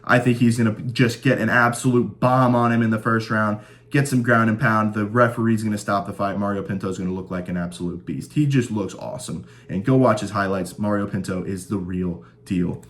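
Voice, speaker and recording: A man's voice: on the low side, steady tone, a little fast. Chatty, stat-rattling male fight picker. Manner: chatty, stat-heavy, enthusiastic. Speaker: host of a fight-predictions channel. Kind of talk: casual fight-prediction commentary.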